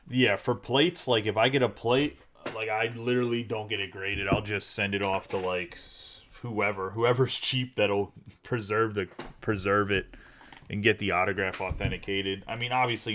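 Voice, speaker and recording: A man hosting a live card break, chatting casually and rattling off names quickly. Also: on the low side, fairly bright tone, a little hiss or hum.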